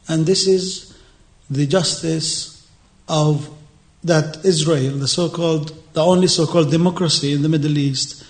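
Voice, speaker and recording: A man, giving an earnest, emotional public speech on a panel in halting, repeated phrases. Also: on the high side. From Palestine. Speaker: activist speaker.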